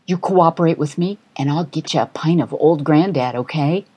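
A woman voicing a brisk, pushy television host in an audiobook story, with a low voice. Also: mellow, slightly rough. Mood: stern.

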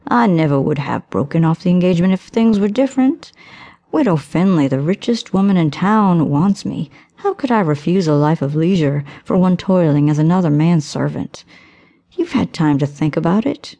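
A woman voicing a smug, manipulative young man who speaks in a suave, low, smooth voice. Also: animated, normal speed, mellow. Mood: smooth coaxing.

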